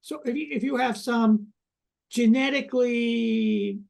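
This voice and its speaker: A male interview host asking halting questions between brief affirmations. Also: extremely high pitch, steady tone, vocal fry, a little mellow.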